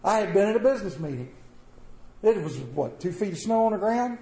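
A middle-aged man telling a personal story to an audience in a folksy, animated way. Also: high voice, a little fast. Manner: folksy, animated, with a rural drawl in his wording. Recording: echoey room with faint ambience.

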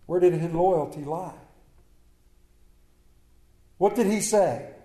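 A man with a high, mellow voice preaches with passion, dropping to a hush and then rising to stress his point. His voice carries the roomy echo of a church sanctuary. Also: takes it slowly, long pauses. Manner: impassioned, swings between hushed and emphatic. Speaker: pastor. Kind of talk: sermon.

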